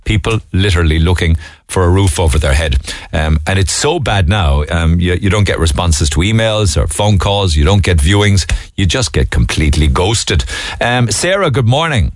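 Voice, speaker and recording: A middle-aged man with a Cork Irish accent hosting a radio phone-in, chatty and relaxed. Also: sits low, normal speed, no room sound. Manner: chatty, relaxed, laughs easily. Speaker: radio talk show host. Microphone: studio mic.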